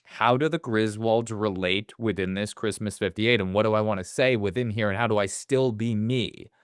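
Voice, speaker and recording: A man co-hosting a casual movie podcast, animated, swearing freely and acting out quotes in little voices. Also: lowish voice, normal speed, clean tone, no room sound, clean studio sound. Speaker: podcast co-host.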